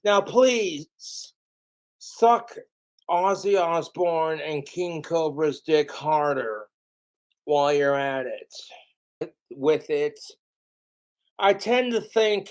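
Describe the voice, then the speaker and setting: A man's voice: on the high side, drawn-out words, long pauses, rough recording. A man on a livestream, ranting sarcastically and with heavy swearing at his viewers.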